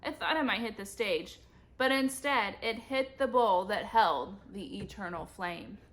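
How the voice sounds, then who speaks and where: A bright-voiced woman reads a children's chapter book aloud a little slowly. She's lively about it, shouting the characters' lines in high voices.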